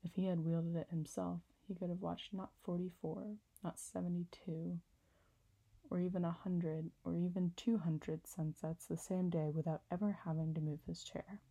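A woman narrating a storybook chapter in a calm, measured reading. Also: fairly low pitch, creaky, husky, poor audio. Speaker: audiobook narrator.

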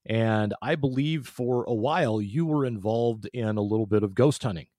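A man hosting a podcast, asking slow, deliberate interview questions. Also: fairly low pitch, mellow, no room sound, clean studio sound. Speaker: podcast host.

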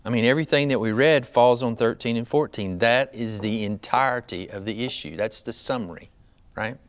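A man preaching a sermon as a pastor, conversational and often asking the congregation "right?", building to loud, high emphasis. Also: normal speed.

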